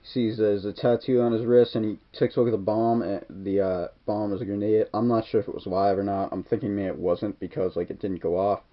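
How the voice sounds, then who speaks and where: On the low side and with little pitch movement, a man talks a little fast with few pauses as he casually retells a film. He is a movie reviewer whose rambling recap is littered with "like" and "kinda," in a dull lo-fi recording.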